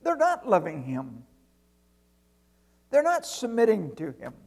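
A man's voice: sits high, wildly swooping pitch, slow, darkish tone, pitched above the performer's own voice, full character voice. A man putting on a bewildered angel. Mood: incredulous. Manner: exclaiming, stammering in disbelief. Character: bewildered incredulous male angel in heaven.

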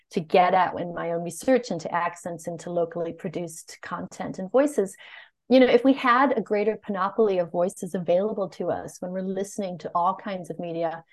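Picture a woman with a fairly low voice and a General American accent, talking as a guest in a relaxed interview. She is outspoken and animated, circles back on her own sentences as she works out her thoughts, and sounds like a researcher reasoning aloud. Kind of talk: conversational interview.

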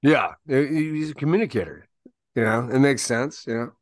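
A man co-hosting a casual podcast, agreeing along with quick replies. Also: medium pitch, no echo, clean studio sound. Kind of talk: casual chat.

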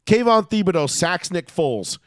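Brief: male podcast co-host, profane and animated, raised-pitch sports chat, dry sound. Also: moderate pace, no echo. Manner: heated, profane, animated storytelling.

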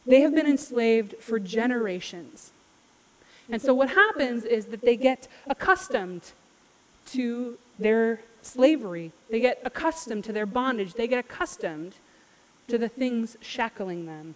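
A woman preaching a sermon, retelling scripture in a casual, lively storytelling manner with playful asides. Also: fairly high pitch, unhurried. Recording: long hall reverb.

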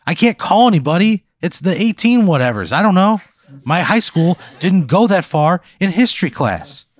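A man's voice: sits high, sing-song, moderate pace. A man on a comedy podcast, ranting indignantly and cursing in banter. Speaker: podcast co-host.

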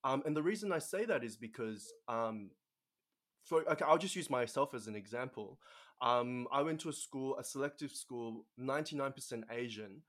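A man's voice: medium pitch, expressive, moderate pace, a bit bright. A young Australian man in a casual podcast chat, explaining things with many fillers and restarts. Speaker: podcast guest, linguistics researcher.

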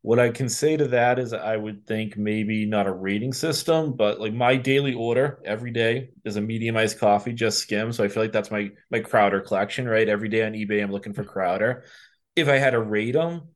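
Low-voiced guy with a Boston accent. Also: brisk. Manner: candid, rambling, talks himself into answers. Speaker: podcast guest. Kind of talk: casual podcast chat.

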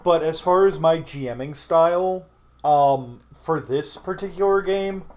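A man's voice: medium pitch, slight background noise. A young man in casual conversation about the tabletop game he runs as game master. He rambles, circling back with fillers and restarts, in an ordinary mid-range voice. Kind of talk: casual podcast interview.

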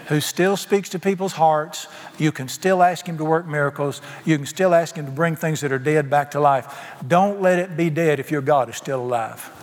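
A man preaching a sermon, telling a folksy, animated story full of sudden jumps in pitch. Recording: reverberant hall with faint ambience.

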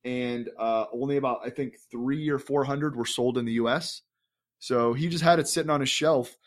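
A man's voice: medium pitch, normal speed. A man co-hosting a podcast, telling an enthusiastic, rambling story in casual chat, full of fillers and restarts. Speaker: podcast co-host.

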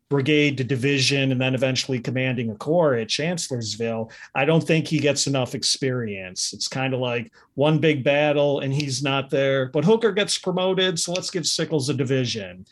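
A man hosting a podcast, explaining history in an emphatic, conversational way. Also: mid-range voice. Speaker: podcast host. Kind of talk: casual history discussion.

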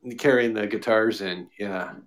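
A man's voice: fairly low pitch, steady tone, normal speed, crowd noise. A man co-hosting a casual podcast, joking and rambling with his co-host. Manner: joking, rambling, mock radio-DJ bits. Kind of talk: casual chat.

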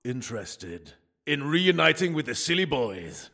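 A brawny Greek hero, tired and wry, grumbling through his chores, as a man plays him. The voice is gravelly and a little husky. The delivery swings around with plenty of lift and fall. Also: medium pitch, big pitch swings, unhurried, bright, forceful tone, heavily acted. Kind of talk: comedy audio sketch.

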